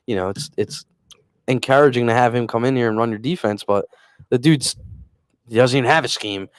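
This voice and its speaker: A man's voice: medium pitch, brisk, no room sound. Ranting man on a sports podcast. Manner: exasperated, ranting. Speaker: podcast co-host. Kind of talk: casual sports chat.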